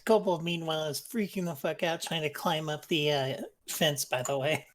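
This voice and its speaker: A woman narrating as game master in a relaxed, casual way. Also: low voice, moderate pace.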